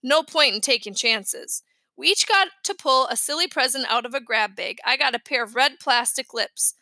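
A woman with a high, bright voice reads a children's chapter book aloud. Her storytelling is lively. The recording is close and dry, with no room sound. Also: moderate pace, dry recording. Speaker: narrator. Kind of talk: children's audiobook reading.

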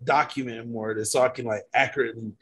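A man talking in a casual discussion, animated and full of restarts. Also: mid-range voice, racing, husky. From United States. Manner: animated, many restarts and fillers. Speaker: panelist.

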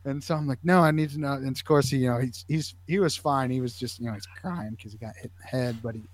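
An animated man telling stories in a relaxed podcast chat, now and then jumping into squeaky kid voices. His voice sits at an ordinary middle pitch. It is recorded close and dry, with no room sound. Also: fast talker, dry recording. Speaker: podcast co-host, sideline medic. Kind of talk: casual storytelling chat.

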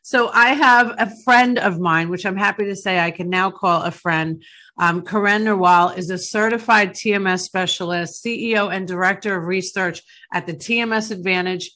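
A woman's voice: mid-range voice, normal speed, bright, forceful tone. A woman hosting a podcast, talking in a fervent, emotional and emphatic way. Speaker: podcast host. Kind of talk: casual chat.

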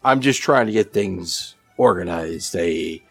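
A man's voice: sits low, lively intonation, measured pace, gravelly, no room sound, soft background music, voice pushed down, exaggerated voice. A man voicing a timid, apologetic male hobgoblin cook who stammers and calls everyone sir. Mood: nervous, apologetic. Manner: stammering, servile, keeps saying sir.

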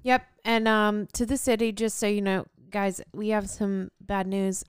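A woman's voice: mid-range voice, flat delivery, a little slow, smooth, no room sound, clean studio sound. A woman co-hosting a podcast, chatting casually and playfully. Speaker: podcast co-host. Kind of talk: casual chat.

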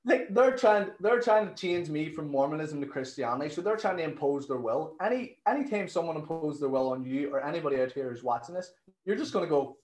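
A man, a nutrition coach telling stories in a casual interview, animated and swearing freely. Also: on the high side, a little fast, roomy sound, rough recording.

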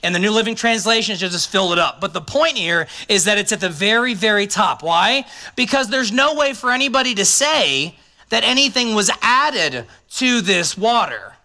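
High, very bright-voiced male pastor. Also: animated, normal speed. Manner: conversational, with joking asides. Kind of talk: sermon.

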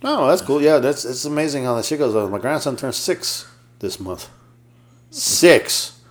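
Profane, lively man in his fifties. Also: mid-range voice, unhurried. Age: 50s. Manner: profane, joking, laughs often; storytelling, lively delivery. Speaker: podcast co-host. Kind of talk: casual chat.

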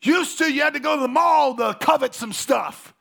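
A middle-aged man preaching a lively sermon in a church, joking and repeating phrases, swinging between hushed asides and shouts. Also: very high voice, normal speed, creaky. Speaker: pastor. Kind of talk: energetic sermon.

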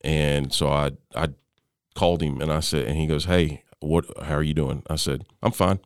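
A middle-aged man speaks in an extremely low, gravelly voice. He tells his story haltingly, full of restarts and fillers, and often drops to a quieter level. The sound is dry and close. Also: little pitch movement, dry recording. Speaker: interview guest. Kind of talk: personal storytelling in conversation.

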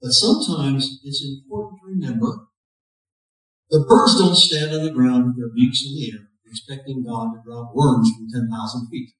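In a very echoey recording from a distant microphone, a man preaches at a normal speed with a medium-pitched, fairly bright voice. He weaves folksy, self-mocking stories into the sermon and lifts his voice on the punch lines.

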